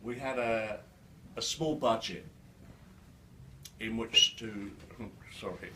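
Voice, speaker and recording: An older man speaking to a live audience, halting with many restarts, his words slightly slurred by a new denture. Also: fairly low pitch, steady tone, sharp tone. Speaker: guest speaker. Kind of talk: live storytelling talk. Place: event hall with an audience. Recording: distant mic in a noisy room.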